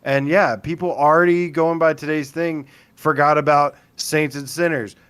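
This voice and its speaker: An opinionated man co-hosting a casual gaming podcast, talking in quick bursts and cutting himself off mid-thought. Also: on the high side, clean tone. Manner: opinionated, animated, self-interrupting. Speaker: podcast co-host.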